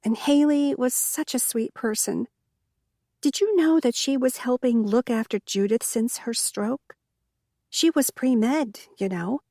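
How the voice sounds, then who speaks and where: A woman voicing a young house maid, soft, sorrowful and guarded. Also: fairly high pitch, a little slow, no room sound, studio quality. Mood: sad.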